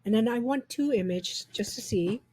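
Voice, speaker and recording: A woman reviewing software in an upbeat, chatty, enthusiastic way, walking through a screen demo. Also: a little high, moderate pace, slightly rough.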